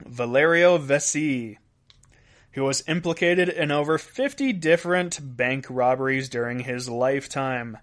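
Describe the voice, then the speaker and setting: A man hosting a solo weird-news podcast, counting down a list and laughing at his own asides. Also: medium pitch. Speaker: podcast host.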